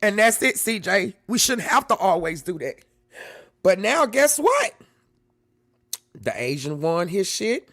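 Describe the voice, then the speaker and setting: A man hosts a live stream, talking to his viewers in a high voice. His tone is bright and forceful. He stresses his points, says them again, and swears freely. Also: big pitch swings, measured pace, long pauses, no echo, studio quality. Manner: emphatic, repeats himself, swears freely. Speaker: livestream host.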